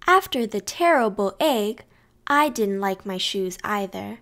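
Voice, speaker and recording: A woman reading a children's picture book aloud, slow and expressive, telling it in a child's first-person voice. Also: medium pitch. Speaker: storyteller. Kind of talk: children's storybook read-aloud.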